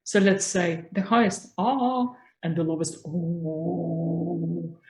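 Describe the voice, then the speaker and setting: A woman giving a calm, explanatory talk as a spiritual growth coach, teaching listeners how to find their voice. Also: on the low side, moderate pace, low-quality recording. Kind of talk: instructional talk on voice.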